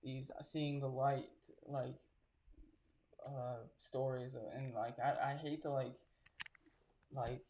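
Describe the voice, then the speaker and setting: A man, a tattoo artist, talking in a casual interview and telling stories in a halting, reflective way. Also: medium pitch, flat delivery, darkish tone, a little hiss or hum.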